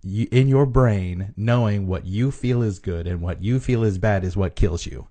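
A man's voice: on the low side, normal speed, warm tone. A man in a casual podcast chat, earnestly explaining scripture with frequent restarts.

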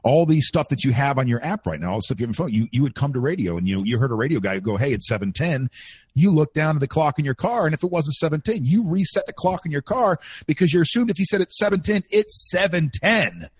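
Lively husky-voiced man telling stories. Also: fairly high pitch, fast talker, few pauses, dry recording. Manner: animated storytelling, mimics announcer voices. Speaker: former radio host. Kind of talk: casual podcast chat.

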